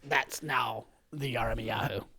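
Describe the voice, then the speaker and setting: A man co-hosting a casual podcast, animated and giggly, often restarting his sentences. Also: mid-range voice, a little slow, vocal fry, husky. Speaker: podcast co-host. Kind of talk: casual chat.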